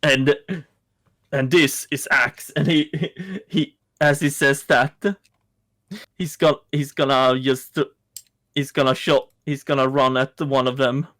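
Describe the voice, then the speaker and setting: A man's voice: medium pitch, flat delivery, a bit bright. A man playing a tabletop game, describing his character's actions in third person. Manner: slow casual talk, speaks for his character in third person. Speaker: player.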